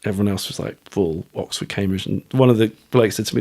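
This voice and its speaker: A middle-aged man with a British accent, a guest talking in a casual interview, rambling and animated, with lots of fillers and the odd swear word. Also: fairly low pitch, fast talker, vocal fry, few pauses. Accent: British English. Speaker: guest author.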